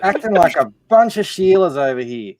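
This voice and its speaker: Male co-host, jokey slang talker, slightly high voice, dry close sound. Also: very animated, moderate pace, darkish tone, no room sound. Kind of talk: casual livestream chat.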